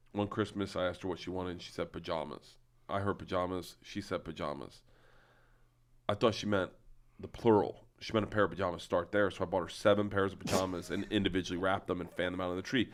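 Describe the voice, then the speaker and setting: A man's voice: low-pitched, a bit bright. A man chatting casually as a comedian guest, telling rambling stories with lots of restarts and quoted asides. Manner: rambling storyteller, frequent restarts and acted-out quotes. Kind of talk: casual chat.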